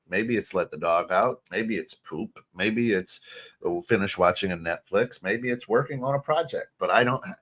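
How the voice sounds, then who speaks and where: A middle-aged American man co-hosting a podcast, talking in an animated, casual way, restarting phrases and often asking "right?". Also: on the low side, moderate pace. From United States. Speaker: podcast co-host. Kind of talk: casual chat.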